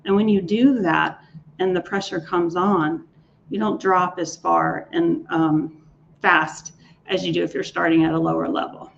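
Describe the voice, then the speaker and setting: A woman's voice: fairly low pitch, fairly even intonation, a little slow, creaky. A woman who works as a leadership coach, telling client and marathon stories in an interview with enthusiasm, often restarting her words. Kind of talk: speaker interview storytelling. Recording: dull lo-fi sound with faint noise.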